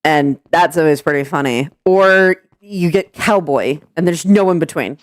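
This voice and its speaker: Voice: medium pitch, normal speed, dry recording, clean studio sound. A streamer from Washington State with a Pacific Northwest American accent, chatting casually and rambling with lots of fillers and swearing. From Washington State, USA. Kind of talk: casual chat on a live stream.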